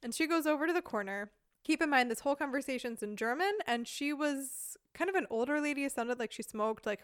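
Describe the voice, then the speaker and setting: A woman's voice: on the high side, smooth, dry recording, studio quality. A woman in her thirties from the United States, a podcast guest telling a casual anecdote with frequent laughter. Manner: lively storyteller, laughs often.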